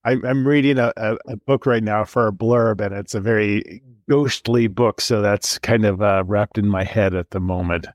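A man hosting an interview podcast over a video call, talking animated and curious with many stumbling restarts. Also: fairly low pitch, moderate pace, few pauses, dry recording. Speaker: podcast host. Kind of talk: casual interview chat.

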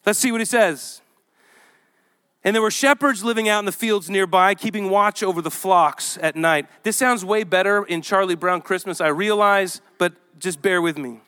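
With a voice that sits high, a man preaches to a church with children in attendance, reading scripture aloud. His sermon style is animated and conversational.

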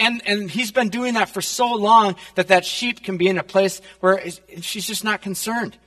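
Bright high-voiced pastor guy rambling thru a sermon, long hall echo. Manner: rambling and casual, many fillers. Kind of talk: sermon with personal story. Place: church sanctuary.

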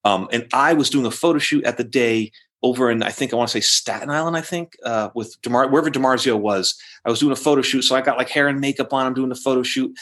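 A man's voice: medium pitch, fast, hardly any pauses. A man, a rock guitarist, telling a long story in a casual interview, swearing often and acting out what people said. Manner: animated, profane, acts out quotes in raised voice.

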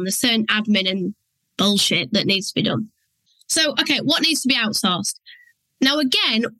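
Bright, chatty woman. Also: a little high, no echo, low-quality recording. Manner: chatty, frank, acts out her inner voice. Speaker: podcast host. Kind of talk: candid solo podcast talk.

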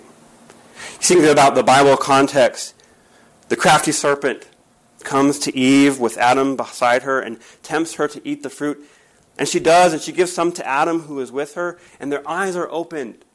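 A man's voice: on the high side, poor audio. A man preaching a sermon as a pastor, telling stories emphatically and asking rhetorical questions.

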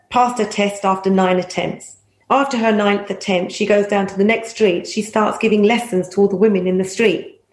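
A middle-aged woman tells anecdotes from her life in a lively interview manner. She laughs often and breaks into the voices of people she quotes. Her voice sits at a middling pitch and carries a roomy echo. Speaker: former police officer, interview guest. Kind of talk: anecdotal storytelling.

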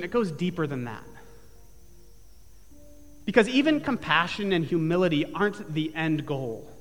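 A man's voice: a little high, animated, moderate pace, pauses often, long reverb tail, soft background music. A man preaching a sermon in church, telling a story earnestly and building to emphatic repeated phrases. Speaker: pastor. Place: church sanctuary with live and online congregation.

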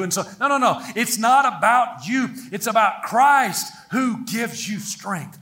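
A middle-aged male preacher delivering a lively, humorous sermon. His voice sits high for a man and has a bright, forceful edge. He draws the congregation into call-and-response, repeating lines aloud with them. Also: normal speed, hardly any pauses. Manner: energetic, playful, leads the congregation in call-and-response.

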